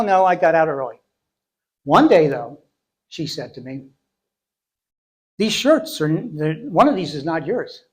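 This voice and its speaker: A middle-aged man telling funny stories on stage, self-deprecating and deadpan, often laughing at his own lines. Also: on the high side. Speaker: storyteller. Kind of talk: live comic storytelling. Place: stage before a live audience.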